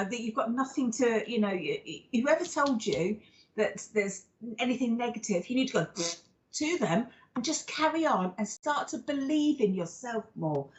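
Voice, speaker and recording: A woman, a psychic medium hosting a live show, giving a card reading in an affectionate, rambling way full of fillers and endearments. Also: on the high side.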